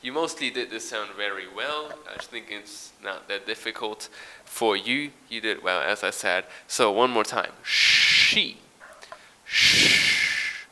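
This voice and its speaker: A man's voice: lowish voice, normal speed, pushed and bright. A man teaching English pronunciation, explaining patiently, modelling sounds and reading a short text aloud. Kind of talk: recorded pronunciation lesson.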